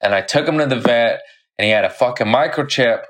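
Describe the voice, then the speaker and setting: A man's voice: medium pitch, fairly quick, a bit bright. Profane storytelling comic, a young man. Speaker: podcast guest, stand-up comic. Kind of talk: casual storytelling.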